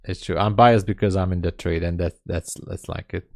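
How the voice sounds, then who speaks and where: A man hosting a live day trading stream, talking casually and reading chat messages aloud as he thinks out loud. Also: deep voice, steady tone, a little fast, creaky. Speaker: day trading livestream host.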